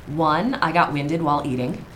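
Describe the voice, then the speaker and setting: A woman's voice: sits low, expressive, normal speed, a bit bright, a little hiss or hum. A woman podcast co-host telling candid, self-mocking stories with casual swearing. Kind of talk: casual chat.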